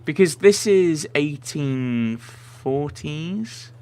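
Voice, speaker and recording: A man's voice: fairly high pitch, lively intonation, very slow, darkish tone, smooth. A man hosting a let's play, thinking aloud casually with rambling asides. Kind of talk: casual gameplay commentary.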